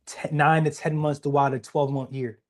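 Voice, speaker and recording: A man's voice: on the high side, little pitch movement, normal speed. Emphatic young man. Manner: emphatic, repeats himself. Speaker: podcast co-host. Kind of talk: casual conversation.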